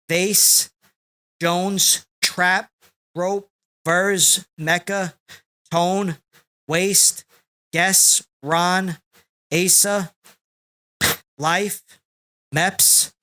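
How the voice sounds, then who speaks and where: Slow, bright-voiced man as podcast guest. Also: high voice, clean tone. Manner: slow and deliberate, reciting a long list of names; relaxed and rambling, with restarts. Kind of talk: casual conversation.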